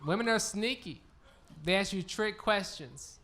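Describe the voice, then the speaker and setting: A man's voice: high-pitched, expressive, measured pace, pushed and bright, a little hiss or hum. A man doing a crude, punchy stand-up comedy set on a live stage. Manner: punchy, crude, laid-back delivery. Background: audience laughter.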